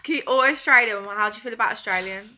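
Young female co-host, very bright and edgy voice, a bit high, playful, chatty, laughs a lot. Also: rapid-fire. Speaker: podcast co-host. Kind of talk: casual chat.

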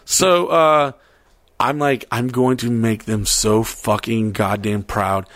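A man's voice: mid-range voice, slow pace, no room sound. A man telling a long story in casual chat, rambling and swearing, acting out what people said. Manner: profane, rambling, animated retelling with quoted voices.

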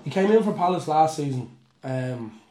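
A man's voice: on the high side, expressive, normal speed, warm tone. Bantering man in an echoey room. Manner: laughing, teasing banter. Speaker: podcast co-host. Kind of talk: casual football chat. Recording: roomy echo, faint music.

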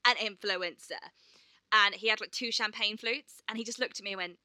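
A woman's voice: medium pitch, a little fast, sharp tone, dry recording, clean studio sound. A woman co-hosting a casual chat, telling stories with swearing and acted quotes. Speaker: podcast co-host and performer.

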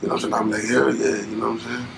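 Interview guest: young Louisiana man, laid-back rambler, gravelly tone. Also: mid-range voice, level tone, rapid-fire, noisy background. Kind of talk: casual interview chat.

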